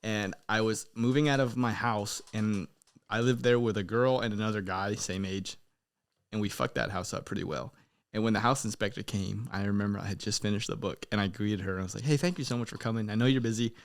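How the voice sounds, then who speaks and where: A young man hosting a podcast in casual chat, swearing freely and laughing loudly as he tells stories. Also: on the low side, steady tone, a little fast. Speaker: podcast host.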